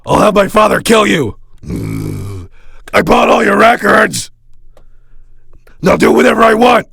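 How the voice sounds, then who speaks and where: A whiny, demanding cartoon fan, who sounds bratty, pleading and shouty. His voice is rough and raspy with a gravelly edge. The sound is close and dry. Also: a little high, animated, normal speed, no room sound, exaggerated voice. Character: whiny, demanding male coffee-shop fan. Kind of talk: cartoon voice acting.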